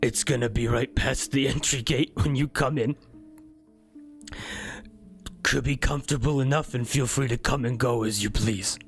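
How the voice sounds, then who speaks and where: A man voicing a feeble, dying old gang boss who speaks in a slow, halting, breathy half-whisper. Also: mid-range voice, steady tone, faint music behind, natural voice. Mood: weak.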